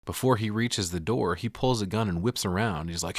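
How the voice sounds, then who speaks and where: A man's voice: on the low side, a little fast, no echo, studio quality. Schunnig vertellende man met lage stem. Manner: profane, retells scenes acting out lines. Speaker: podcast host. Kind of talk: casual film recap with acted quotes.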